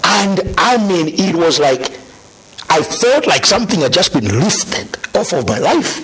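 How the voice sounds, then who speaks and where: Man, middle-aged, raspy voice, lively storytelling, slightly high pitch. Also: a little slow. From Zambia. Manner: animated, laughing storyteller. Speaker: guest sharing testimony. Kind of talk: conversational storytelling.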